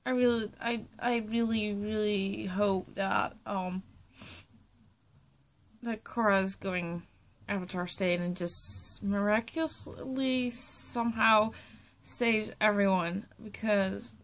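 A young woman on a reaction vlog, choked up and tearful, talking in halting, broken sentences that trail off, with plenty of swearing. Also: mid-range voice, fairly even intonation. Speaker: vlogger.

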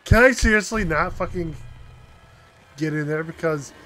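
A man commenting on his own horror game playthrough, exasperated and swearing often as he yells at the game. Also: fairly high pitch, moderate pace, faint music behind. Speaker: gameplay commentator. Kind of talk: let's play commentary.

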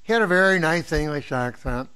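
A man's voice: on the high side, lively intonation, a little fast, pushed and bright, clean tone. An older man from the Midwest giving an informal exam review lecture as a neuroanatomy professor, rambling through anecdotes and posing questions to students. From American Midwest.

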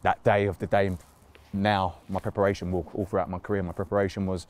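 A man's voice: sits low, level tone, fast, darkish tone, slight background noise. A man, a footballer reminiscing in a casual interview, rambling with lots of fillers and laughs. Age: 30s.

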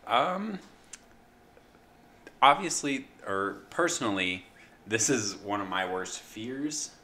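Very deep-voiced slow-talking man. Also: expressive, pushed and bright, slight background noise. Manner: slow, hesitant delivery with fillers. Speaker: podcast co-host. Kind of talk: casual chat.

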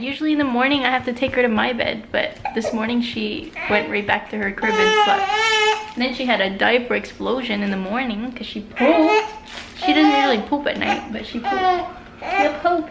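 Young mom vlogger, higher voice, chatty and casual, filmed at home with audible room noise. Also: female voice, vocal fry. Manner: chatty, switches to sing-song baby talk. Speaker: vlogger, mother. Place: home kitchen indoors.

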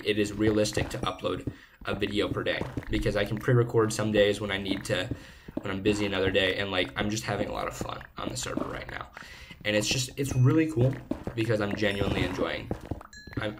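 A young man with a lowish voice rambles in a playful, chatty way while gaming. His cheap desk mic picks up clear hiss and noise. It sounds like a casual home recording. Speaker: gaming channel host. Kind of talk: casual chat while playing. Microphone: low-quality desk microphone. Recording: noisy low-quality home mic.

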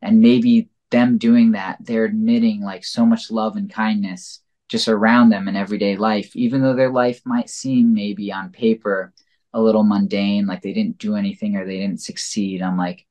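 Male guest with a very low voice, loose and reflective, lots of filler words. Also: steady tone, moderate pace, darkish tone. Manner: rambling and reflective, heavy use of "like" and "you know". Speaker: podcast guest. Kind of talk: casual conversational interview.

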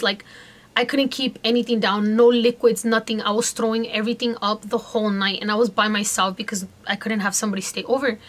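A young adult woman vlogger telling a story in a chatty, animated way, talking straight to her viewers. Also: on the high side. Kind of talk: casual storytime.

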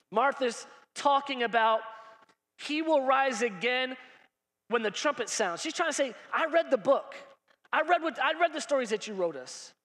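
High-voiced pastor guy preaching in a big echoey church, bright sharp tone. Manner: preaching with acted-out dialogue, rising to shouts. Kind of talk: sermon. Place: large church hall.

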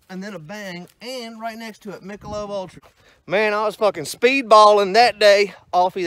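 A man's voice: fairly high pitch, a bit bright. A man, ranting profanely about roadside litter in a casual satirical vlog, walking outdoors along a country road. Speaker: vlogger.

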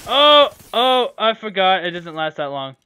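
A high-pitched man calls out his shooter game in real time, his voice leaping around as he curses and yells at opponents. His words often trip over each other. The tone is bright and sharp, picked up on a computer mic. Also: a little slow, clean tone. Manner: excitable, swears and yells at opponents. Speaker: gamer. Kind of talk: live gameplay commentary. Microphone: computer microphone.

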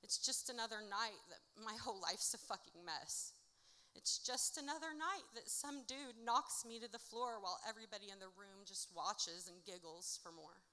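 A woman's voice: medium pitch, moderate pace, sharp tone. A woman from Indiana performing rhymed spoken word live on a theatre stage, telling her story bluntly and with plenty of swearing. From Indiana, United States. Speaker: performing artist.

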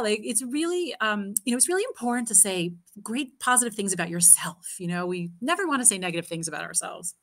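A woman's voice: medium pitch, animated, quick pace, hardly any pauses, a bit bright. A woman with a nine-year-old daughter answers a parent's question in a live Q&A, earnest and full of "you know" fillers. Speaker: parenting speaker.

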